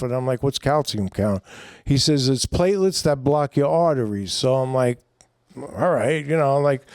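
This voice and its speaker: A middle-aged man with a New York accent, a comedian guest telling a long story in a rambling, animated way with lots of fillers. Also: mid-range voice, clear, resonant tone, dry recording, studio quality. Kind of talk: casual storytelling.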